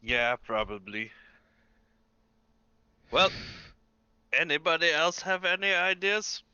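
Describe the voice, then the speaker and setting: A man's voice: a little high, lively intonation, slow pace, sharp tone, smooth, muffled recording. A man playing a tabletop role-playing game, joking with the table in wry, playful banter. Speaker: player. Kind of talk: casual tabletop game play.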